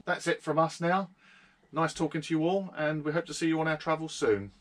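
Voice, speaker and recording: A man's voice: fairly high pitch, a little fast. A man giving a casual, matter-of-fact tour of his motorhome from inside it, with a fair number of ums and uhs. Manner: steady, matter-of-fact, with hesitant fillers. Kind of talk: casual video walkthrough.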